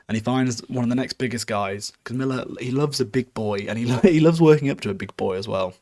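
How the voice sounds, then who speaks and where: A man's voice: on the low side, a little fast. Chatty man recapping a book. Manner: chatty and rambling, chuckles often. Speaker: podcast host. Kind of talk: casual chapter recap.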